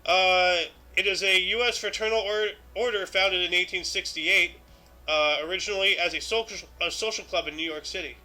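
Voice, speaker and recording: A man's voice: sits high, fairly even intonation, moderate pace, sharp tone. A man hosting a casual history livestream, reading dated events aloud and adding loose offhand remarks with plenty of fillers. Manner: reads dates aloud then adds offhand asides, many fillers. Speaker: show host.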